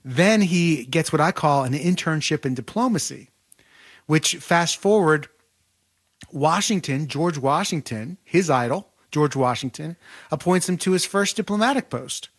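A man's voice: fairly high pitch, expressive, a little slow. A man being interviewed as an author, telling a historical story in vivid, detailed bursts. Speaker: author guest. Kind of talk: podcast interview.

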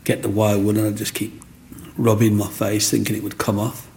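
Low and gravelly, an Englishman moves at a moderate pace through his life story in an interview, playing the parts of people he encountered as a lively storyteller. Some faint background noise is present.

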